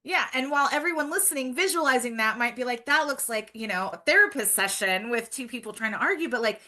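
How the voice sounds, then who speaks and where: A woman's voice: fairly high pitch, animated, fast, bright, forceful tone. A woman guest on a podcast, talking earnestly and reflectively in casual chat, with frequent fillers.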